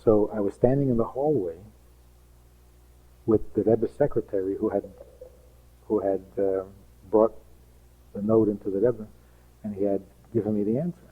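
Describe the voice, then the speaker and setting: A man's voice: fairly low pitch, steady tone, normal speed, long pauses, husky, narrow, tinny audio. A man, a rabbi, giving an emphatic teaching talk full of rhetorical questions and acted-out quotes.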